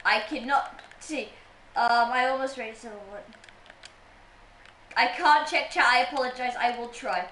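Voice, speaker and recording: Bright, high-voiced playful woman streamer. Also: measured pace, pauses often. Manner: playful, teasing, laughs often. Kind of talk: casual gaming livestream chat. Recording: roomy room sound with faint noise.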